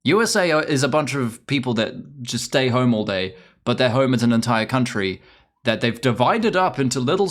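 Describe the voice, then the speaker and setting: A man's voice: mid-range voice, fairly bright tone. A man with an English accent streaming a game, chattering casually in a profane, rambling, ranting way.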